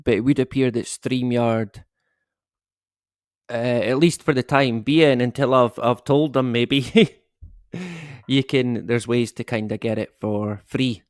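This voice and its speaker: A man's voice: medium pitch, takes it slowly, no echo, clean studio sound. A man hosting a casual live stream from home, chatting with viewers in a rambling way and chuckling often. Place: at home, dog snoring behind him.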